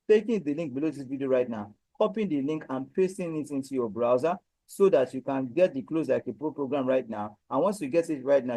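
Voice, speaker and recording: A man from Nigeria presenting a webinar sales pitch, pressing listeners again and again to buy a training course. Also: dark tone, no echo, poor audio. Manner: persuasive, repetitive sales push. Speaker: online course seller.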